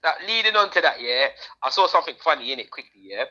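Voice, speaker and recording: A man's voice: on the high side, fast, highs cut off. A man, co-hosting a podcast and telling stories in slang-heavy casual chat, acting out other people's voices. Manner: animated storyteller, slang-heavy, acts out voices. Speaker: podcast co-host.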